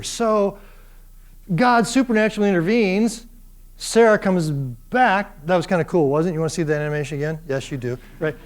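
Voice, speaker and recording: A man's voice: sits high, moderate pace. A man giving a university lecture, asking the class questions and acting out the voices of the people in the story. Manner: lively, acts out voices of biblical figures; asks the class rhetorical questions.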